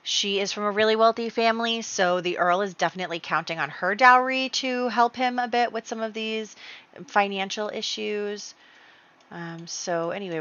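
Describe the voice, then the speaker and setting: A woman tells the story of her gameplay in a chatty, casual way, packed with fillers and quick acted-out quotes. Her voice is medium-pitched, fairly bright and clean, though captured on a dull, lo-fi home mic.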